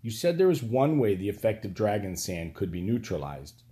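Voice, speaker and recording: A man's voice: on the low side, very animated, normal speed, dark tone. Hard male noble, curt and commanding, tense under pressure, voiced by a male narrator.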